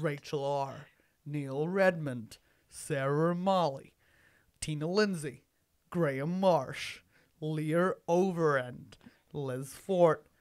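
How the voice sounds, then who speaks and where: A woman doing a slow, low Texan drawl. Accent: put-on Texan. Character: drawling Texan, big cattle-ranch type.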